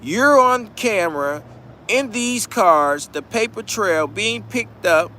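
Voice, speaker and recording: A man putting on a smug, high lawyer voice. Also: animated, slow, bright, forceful tone, a little hiss or hum, heavily acted. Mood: pressuring. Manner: condescending, mock-formal "white voice". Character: pushy male lawyer pressuring a defendant.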